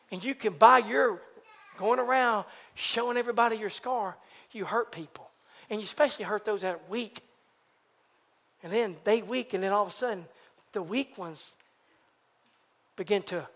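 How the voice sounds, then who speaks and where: Delivering a sermon at a church service, this man speaks briskly in a high voice, broken up by long pauses. He's animated and folksy, veering from loud exclamations to hushed asides while interacting with the congregation.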